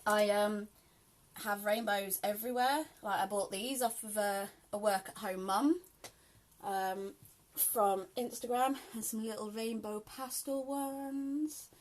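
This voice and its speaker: A British woman talks chattily as she works at her sewing machine at home. She rambles from one story to the next, with many ums and the odd laugh along the way. Her pitch sits in an ordinary middle range. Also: steady tone, slow. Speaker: sewing vlogger. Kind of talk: casual chat while sewing.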